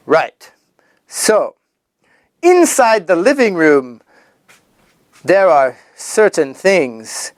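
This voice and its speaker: In a children's English vocabulary lesson, a man with a high-pitched voice speaks very slowly in a lively, swooping sing-song. He draws out each word and repeats it, recorded dry on a close mic.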